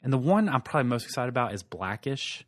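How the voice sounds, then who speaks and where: A man's voice: mid-range voice, very animated, fast talker, dry recording, studio quality. A man co-hosting a casual pop-culture podcast, talking in a chatty, enthusiastic way. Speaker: podcast co-host.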